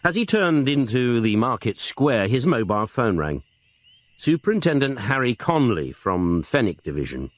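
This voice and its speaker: A man reading a crime novel aloud in scripted narration, with dry, expressive storytelling. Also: medium pitch, moderate pace, dry recording. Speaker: reader.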